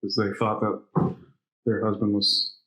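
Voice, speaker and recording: A man's voice: lowish voice, completely flat delivery, unhurried, pushed and bright. A man co-hosting a podcast in casual banter, joking and laughing often. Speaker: podcast co-host. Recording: echoey room.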